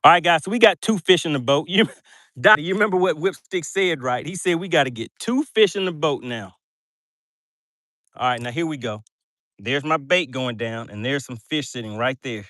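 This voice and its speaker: A man's voice: on the high side, moderate pace, a bit bright, no echo, studio quality. A man hosting a fishing livestream from a boat, chatting casually and reading out viewer comments with frequent laughs.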